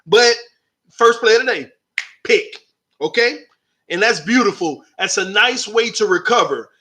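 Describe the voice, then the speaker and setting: A man's voice: high-pitched, unhurried. A man hosting a live sports stream, talking animatedly and arguing with chat comments. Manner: animated, talks back to chat readers. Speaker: sports channel host.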